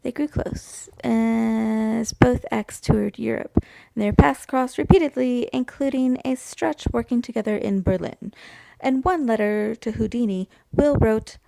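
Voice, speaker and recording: A woman tells a history story on a casual podcast, laughing often between lines. Her voice sits a little high and has a gravelly fry. She speaks slowly, close to a dry, dead-sounding mic. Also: dark tone, no room sound, low-quality recording.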